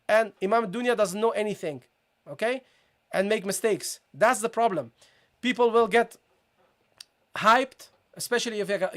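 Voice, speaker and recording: A man teaching Quran recitation in a live online lesson. He is emphatic, repeats his words for stress and keeps calling his students "guys", slowing down to demonstrate how a passage is recited. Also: high voice, fairly bright tone. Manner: breaks into slow demonstration recitation.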